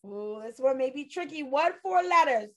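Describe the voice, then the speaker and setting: A woman's voice: sits high, expressive, normal speed, a bit bright. A woman teaching a phonics lesson to young children, stretching out sounds in a sing-song, encouraging way.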